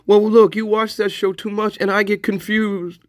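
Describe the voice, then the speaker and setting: A man's voice: sits high, little pitch movement, moderate pace, no echo, clean studio sound, pitched above the performer's own voice, close to an everyday voice. A man voicing a goofy, rambling male viewer who stammers with many uhs. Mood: teasing, joking.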